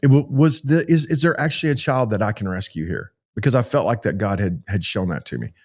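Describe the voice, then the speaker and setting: A middle-aged man from Texas, a pastor telling stories in a folksy, animated way during an interview. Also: lowish voice, quick pace. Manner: folksy, animated storyteller with frequent restarts. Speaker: pastor and child rescuer. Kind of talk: interview storytelling.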